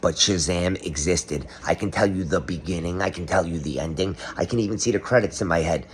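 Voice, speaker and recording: A man's voice: deep voice, fairly quick, slight background noise. A middle-aged man doing a comedic monologue, ranting sarcastically as if exposing a conspiracy. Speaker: comedic commentator.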